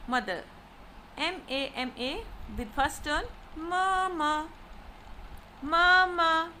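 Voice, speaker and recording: A woman teaching a language lesson, giving careful instructions and repeating drawn-out model syllables for the learner. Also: high voice, expressive, pushed and bright, a little hiss or hum, low-quality recording. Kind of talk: slow recorded lesson.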